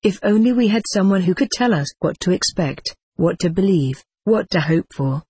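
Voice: mid-range voice, animated, normal speed, warm tone, slightly rough, dry recording. A reader voicing a rector's wistful, earnest wife in a storybook.

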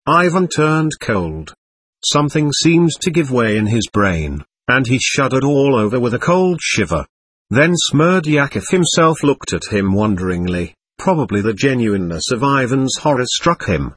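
A man reads a classic novel aloud in an expressive, dramatic manner. His voice is husky and sweeps widely in pitch, recorded dry and close with no room around it. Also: normal speed, no echo. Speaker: audiobook narrator. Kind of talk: scripted narration.

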